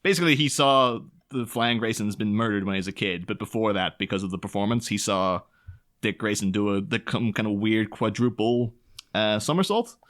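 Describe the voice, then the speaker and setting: A man co-hosting a comedy podcast, retelling comic scenes in an animated, chatty way. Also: lowish voice. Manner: animated, slips into quick silly voices for quoted characters. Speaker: podcast co-host.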